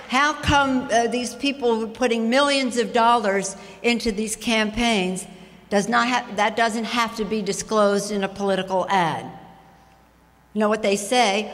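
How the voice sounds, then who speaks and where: A woman's voice: on the high side, fairly even intonation, unhurried, a bit bright. A woman in her seventies, a party leader giving a political speech at a breakfast, with a rallying manner that repeats key phrases. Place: large breakfast hall with a crowd. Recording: long echo of a large hall.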